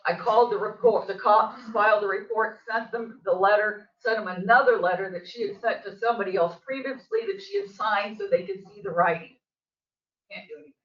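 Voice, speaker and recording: An older woman, a local resident, gives public comment at a board meeting in a district office meeting room, telling her story in an agitated, emphatic way as her voice rises toward the end. She speaks a little fast at medium pitch with lively intonation. The audio is distant, echoey and dull.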